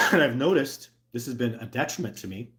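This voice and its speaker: A man's voice: medium pitch, normal speed. Rambling middle-aged man, earnest. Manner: enthusiastic, rambling, with many restarts and filler words; bursts into loud excited put-on exclamations. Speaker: host. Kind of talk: casual livestream talk.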